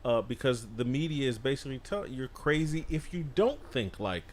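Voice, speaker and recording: Blunt male guest commentator, mid-pitched. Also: lively intonation, a little fast, slight background noise. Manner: blunt, forceful opinions. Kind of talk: opinionated talk show commentary.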